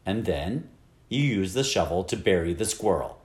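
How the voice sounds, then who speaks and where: A man voicing a determined middle-aged mother who gives slow, emphatic, exasperated commands. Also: low-pitched, animated, darkish tone, reverberant, pitched below the performer's own voice.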